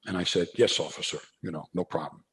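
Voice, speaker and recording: A man's voice: low voice, fast. An older man from New Jersey, a podcast guest, telling a story and acting out both sides of the talk. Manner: animated storyteller acting out dialogue. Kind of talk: casual storytelling interview.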